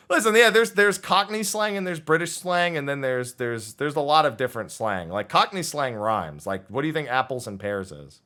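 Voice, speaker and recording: A man's voice: medium pitch, lively intonation, moderate pace, sharp tone. A man with a New Jersey accent, hosting a casual chat show and joking with guests, laughing often. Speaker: podcast host.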